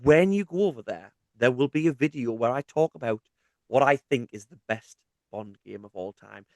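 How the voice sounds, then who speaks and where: A man in his thirties with a Mackem accent chats loosely as co-host of a gaming podcast. He is teasing and jokey, at a middling pitch. The sound is dry and close, with no room echo. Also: normal speed. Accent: Mackem (Sunderland). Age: 30s. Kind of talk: casual gaming podcast chat.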